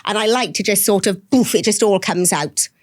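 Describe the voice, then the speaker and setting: A Welsh woman in her forties, a podcast guest chatting casually and telling candid, lively stories with the odd swear. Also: medium pitch, normal speed. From Wales. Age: 40s. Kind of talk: casual interview chat.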